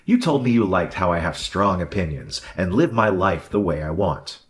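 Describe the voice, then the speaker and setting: A man's voice: sits low, expressive, normal speed. A man voicing a selfish, arrogant husband who blames his wife, speaking in a dismissive, condescending way. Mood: scornful. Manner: dismissive and condescending, later whiny. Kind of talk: narrated drama story dialogue.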